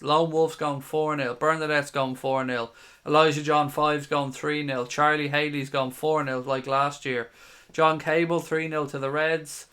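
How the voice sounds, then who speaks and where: A man's voice: fairly high pitch, a bit bright, clear, resonant tone. A man in his thirties hosting a live stream, casually reading viewer comments aloud in a chatty, matey way and swearing now and then. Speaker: fan channel host.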